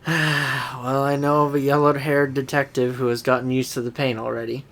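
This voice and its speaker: A man's voice: medium pitch, little pitch movement, moderate pace, fairly bright tone. A man co-hosting a podcast, joking and laughing often in casual chat about anime. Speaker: podcast co-host.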